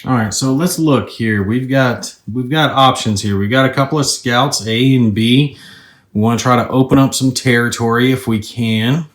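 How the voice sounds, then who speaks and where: A man's voice: medium pitch, normal speed. A man reviewing a board game, talking through his moves and the rules in a chatty, upbeat way. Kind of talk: casual tabletop gameplay walkthrough. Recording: roomy echo.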